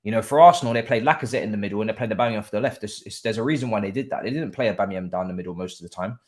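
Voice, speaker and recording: Low-voiced man talking football. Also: racing. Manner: animated, repeats phrases, frequent ums. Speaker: guest football pundit. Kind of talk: casual football chat.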